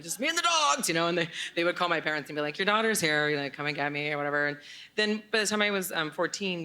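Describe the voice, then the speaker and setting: A woman in her forties tells a true story from her own life in front of an audience. She speaks candidly and bluntly, with casual swearing. Her voice sits a little low yet sounds bright and sharp. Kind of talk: live personal storytelling.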